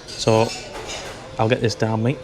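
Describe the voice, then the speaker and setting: Over music, a travel vlogger with a lowish voice speaks in a completely flat, unhurried way. He films casually on a handheld camera, reviewing pubs with dry jokes as he moves in and out of pubs and along streets.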